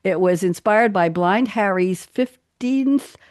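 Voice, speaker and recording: A woman's voice: medium pitch, slow, darkish tone, smooth, dry recording. A woman hosting a live talk show, chatty and upbeat, speaking into a studio microphone. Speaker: host.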